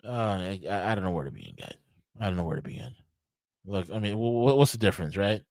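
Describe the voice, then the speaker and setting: A man's voice: low voice, very animated, fast, gravelly, darkish tone, no echo, low-quality recording. A man hosting his own show, ranting angrily and profanely about politics, with frequent restarts and emphatic repetition. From United States. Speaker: podcast host. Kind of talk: solo political rant.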